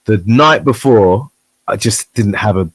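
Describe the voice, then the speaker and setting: A man's voice: fairly low pitch, unhurried, no room sound. A man, a guest on a chat show, telling a story animatedly and acting out the voices of the people in it. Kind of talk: casual chat.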